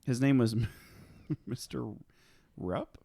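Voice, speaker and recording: A young man chatting on a comedy podcast at a middle pitch. He rambles, laughs a lot and slips into squeaky mocking voices. The sound is close and dry, with no room around it. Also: animated, slow, gravelly, warm tone, breathy edge, dry recording. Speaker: podcast co-host. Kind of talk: casual comedic chat.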